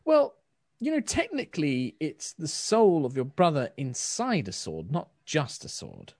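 A man voicing the soul of a brother bound in a sword in a tabletop game, gentle and courteous. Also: on the high side, wildly swooping pitch, measured pace, no room sound, studio quality, voice pushed up, full character voice. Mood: playful. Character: male soul bound in a sword, polite and curious.

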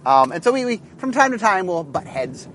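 High, lively man rambling in a car. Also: a little fast, a little hiss or hum. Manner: rambling, many fillers and restarts. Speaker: head designer. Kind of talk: casual monologue.

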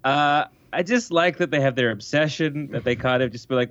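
A man's voice: on the high side, brisk, few pauses, fairly bright tone, no echo, muffled recording. A man chatting casually as a podcast guest, hesitant with fillers. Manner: hesitant, lots of fillers and restarts. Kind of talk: casual chat.

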